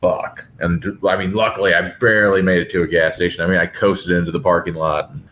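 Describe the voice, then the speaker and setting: Low-voiced, relaxed podcast guest. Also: male voice, fast. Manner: relaxed, plain-spoken storyteller. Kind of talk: casual conversation.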